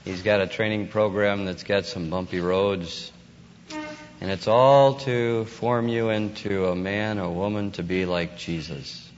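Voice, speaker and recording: A man's voice: a little slow, slight background noise. A man giving a folksy, informal sermon as a conference speaker. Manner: folksy, rises to excited high voice in anecdotes. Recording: dull lo-fi audio in a hall.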